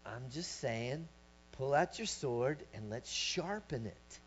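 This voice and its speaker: A man preaching a sermon, telling a personal story and rising to loud shouts as he acts it out. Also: mid-range voice, expressive, takes it slowly. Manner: storytelling, swelling to shouts when acting out his story. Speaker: pastor. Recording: dull lo-fi recording with mains hum.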